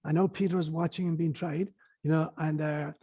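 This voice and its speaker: A man's voice: fairly high pitch, fairly even intonation, brisk, warm tone, husky. A man speaking as an interview guest, telling a story earnestly with hesitant fillers.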